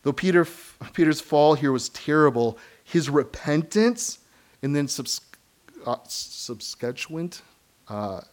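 A middle-aged man preaching a sermon, earnest and emphatic, breaking into short laughs and quick asides. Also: a little high, expressive. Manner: acts out quoted voices of kids and believers. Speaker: pastor.

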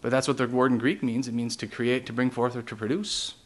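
A man's voice: medium pitch, fairly even intonation, brisk. Male pastor asking rhetorical questions. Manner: asks the congregation many rhetorical questions; teaching, explains theological terms. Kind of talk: sermon.

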